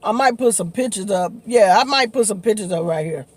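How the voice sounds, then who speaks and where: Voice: mid-range voice, animated, a little fast. A vlogger, chatting casually while eating on camera, laughing often and talking in loose, informal slang. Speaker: mukbang vlogger.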